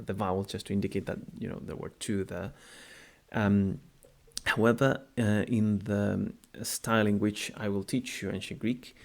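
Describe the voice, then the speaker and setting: A man teaching a language lesson, speaking unhurriedly and repeating words slowly to model their pronunciation. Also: on the low side, gravelly, a little mellow. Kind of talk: explanatory video lesson.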